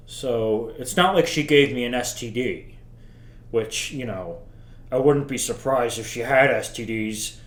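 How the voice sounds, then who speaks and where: An actor playing a bitter, self-pitying middle-aged father who rambles crudely to his son in a deadpan comedy monologue. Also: mid-range voice, close to an everyday voice. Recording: roomy echo.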